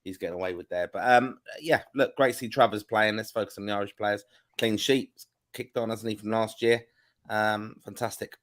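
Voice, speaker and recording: A man's voice: fairly low pitch, fairly even intonation, normal speed. A man co-hosting a football podcast, teasing the others and laughing between his remarks. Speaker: podcast co-host. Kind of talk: casual football chat.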